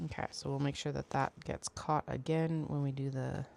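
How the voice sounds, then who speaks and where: A woman's voice: a bass voice, level tone, moderate pace, vocal fry, darkish tone, a little hiss or hum. A woman hosting a sewing livestream, talking casually to herself as she works and repeating phrases half-aloud. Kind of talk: casual talk while working.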